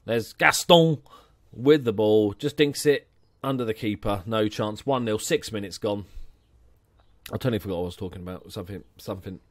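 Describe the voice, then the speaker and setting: A man's voice: on the low side, steady tone, brisk, darkish tone, no room sound, clean studio sound. A young man commenting casually on his football management game, chatty and jokey, inventing nicknames for his players. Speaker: gaming channel host. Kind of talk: casual let's-play commentary.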